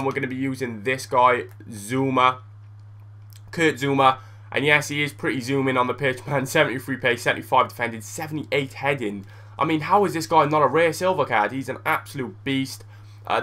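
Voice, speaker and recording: A young man giving casual gameplay commentary as a gaming YouTuber, blunt and excitable, swearing freely. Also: mid-range voice.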